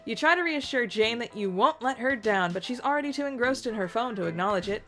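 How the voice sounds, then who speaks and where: Let's play host, young woman reading a visual novel with chatty asides, fairly high voice. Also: animated, fast, sharp tone, soft background music.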